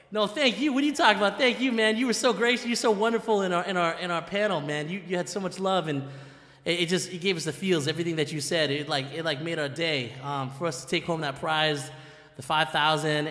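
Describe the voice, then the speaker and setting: Bright excited man on a live stream. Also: a little high, reverberant, big-room sound. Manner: animated, laughing, repeats himself. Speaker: live-stream musician host.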